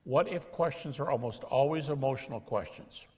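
A middle-aged man teaching a lecture to an audience, acting out dialogues with doubters in an animated way. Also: medium pitch, moderate pace, long reverb tail. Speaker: speaker teaching apologetics.

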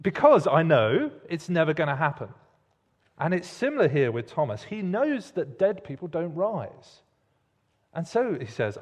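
A man preaching a sermon in a church hall, expressive and pausing for emphasis. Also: on the high side. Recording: long reverb of a large hall.

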